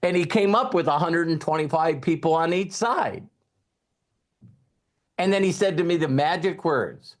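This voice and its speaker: A middle-aged man giving a motivational talk, retelling a conversation with halting repeats and emotion. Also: fairly high pitch. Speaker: network marketing trainer.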